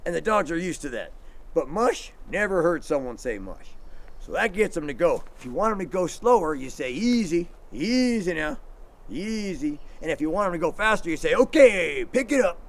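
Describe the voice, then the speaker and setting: Middle-aged male sled-dog instructor, lively storyteller, lightly raised pitch; acts out the commands. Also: brisk. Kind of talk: outdoor demonstration for kids.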